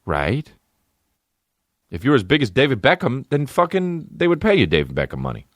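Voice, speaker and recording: A man's voice: medium pitch, normal speed, no room sound, studio quality. A man hosting a podcast who riffs profanely through a casual comedic rant. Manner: profane, animated, riffing.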